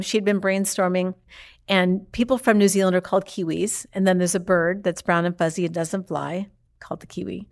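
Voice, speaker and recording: A woman, a guest on the show, tells her mother's story in an animated way and acts out the people she quotes. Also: lowish voice, a little fast, gravelly. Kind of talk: lively storytelling in an interview.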